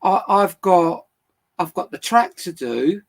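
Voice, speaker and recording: A man's voice: sits high, lively intonation, slow pace, vocal fry. A British man chatting casually on a live stream from home, laughing often and swearing freely. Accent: British English. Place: at home with his dog.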